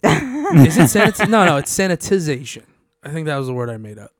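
A young man with a New York accent hosting a podcast in animated, casual chat. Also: fairly high pitch, quick pace, no room sound, studio quality. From Long Island, New York. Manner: animated, chatty, trails off and restarts. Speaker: podcast host.

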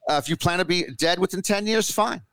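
A man's voice: high voice, quick pace, fairly bright tone, clean tone, dry recording. A man from Washington, D.C., co-hosting a podcast, rambling through jokey asides in casual banter. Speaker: podcast co-host.

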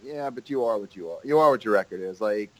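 A man's voice: on the low side, animated, fast talker, no room sound, poor audio. A man co-hosting a sports podcast, laid-back and rambling in casual chat. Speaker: podcast co-host.

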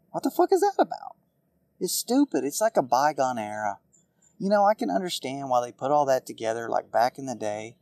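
A man's voice: mid-range voice, gravelly, darkish tone, dry recording. A man ranting through a casual solo podcast, profane, rambling and exasperated. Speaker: podcast host.

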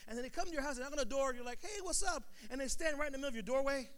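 A man preaching a sermon, telling a story in a calm low voice and then building up to sing-song shouted climaxes. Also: rapid-fire. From Sacramento area.

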